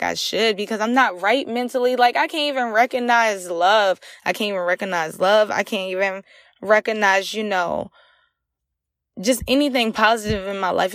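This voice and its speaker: A woman's voice: medium pitch, a bit bright, dry recording, clean studio sound. A young woman hosting a solo podcast, telling a raw, emotional personal story with many fillers. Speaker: podcast host. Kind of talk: candid solo podcast monologue.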